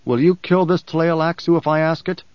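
A man's voice: fairly high pitch, fairly even intonation, normal speed, a little mellow, no room sound, lo-fi sound, lightly acted. A man voicing a blind male leader who speaks in a restrained, tightly controlled way. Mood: grim.

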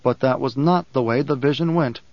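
A man narrating an audiobook in a measured, deliberate way. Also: medium pitch, no room sound. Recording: dull, dry audiobook sound.

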